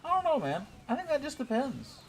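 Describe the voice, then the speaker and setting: A man's voice: extremely high pitch, wildly swooping pitch, a little fast, a little hiss or hum. A man from the United States chatting casually on a livestream, swearing freely, laughing often and teasing his chat. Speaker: streamer reading and answering chat.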